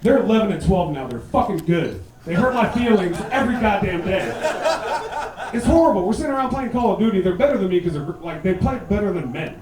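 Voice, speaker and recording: A man in his thirties performing a profane stand-up set, loud and punchy, slipping into mocking put-on voices. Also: high-pitched, big pitch swings, fast talker. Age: 30s. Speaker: stand-up comedian. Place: comedy club stage. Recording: echoey club, mic heard from a distance, laughing crowd.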